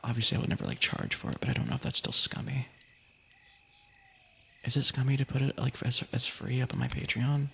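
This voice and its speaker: On an ASMR stream, a young man whispers stories and chat, giggling and breaking off mid-thought in a playful way. His medium-pitched voice is creaky, pushed and bright with a breathy edge, steady in tone and fairly quick.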